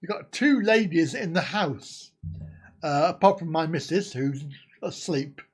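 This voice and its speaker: Chatty man with a lively voice. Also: fairly high pitch, measured pace, breathy edge. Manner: chatty, laughs often, answers viewer comments. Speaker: live stream host. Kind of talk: casual live stream chat.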